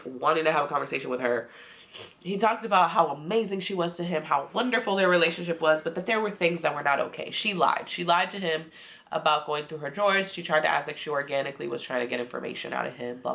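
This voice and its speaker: A young woman talks through a reality show recap in a loose, chatty way, swearing freely and slipping into the voices of the people she quotes. Her voice sits a little low for a woman. She sounds like a vlogger talking straight to her viewers. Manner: chatty, profane, animated retelling with acted quotes.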